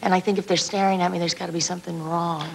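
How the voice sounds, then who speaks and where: A woman's voice: fairly low pitch, flat delivery, racing, gravelly, poor audio. Shy hesitant woman from Alabama. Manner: shy, hesitant, gently witty. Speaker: actress guest. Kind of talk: talk show interview. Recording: old TV broadcast with faint hiss.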